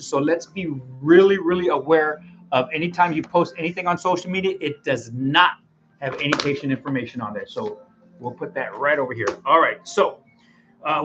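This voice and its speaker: A man's voice: on the high side, a bit bright, dull audio. A middle-aged man, leading a department huddle in a folksy, upbeat, rambling way, often correcting himself. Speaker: radiology department manager. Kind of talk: team huddle announcements.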